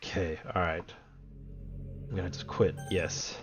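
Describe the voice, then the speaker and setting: A man's voice: low-pitched, steady tone, a little slow, over music. A man streaming a horror game, nervously muttering to himself as he clicks through files. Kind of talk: let's play commentary. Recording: dull lo-fi stream audio.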